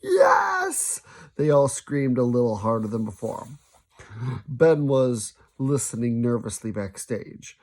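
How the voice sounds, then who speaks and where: A man's voice: medium pitch, a little slow. Man reading a children's story aloud. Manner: lively, stumbles and restarts. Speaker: storybook reader.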